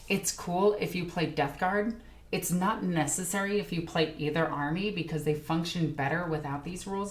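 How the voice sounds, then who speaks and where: A young woman talks casually as host of her own channel, rambling and correcting herself mid-sentence. Her voice sits a little low for a woman. The room around her rings with echo. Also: a little hiss or hum. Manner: chatty, rambling, self-correcting. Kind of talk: casual hobby commentary. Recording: echoey room.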